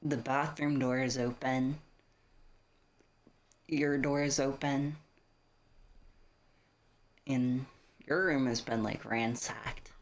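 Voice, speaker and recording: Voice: medium pitch, fairly even intonation, slow, long pauses. A streamer running a tabletop horror game as game master, casually narrating the scene and swearing freely. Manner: casual, swears freely, stops to thank viewers.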